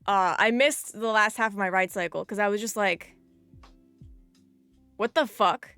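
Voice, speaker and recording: A young woman streaming live, telling a story in an animated, chatty way with lots of "like". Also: mid-range voice, a little fast, clean tone, no echo, soft background music.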